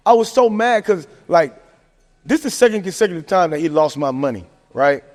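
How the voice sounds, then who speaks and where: A man hosting a podcast, giving casual sports commentary in a slangy, animated rant full of fillers. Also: high-pitched, brisk. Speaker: podcast host. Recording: long echoing reverb.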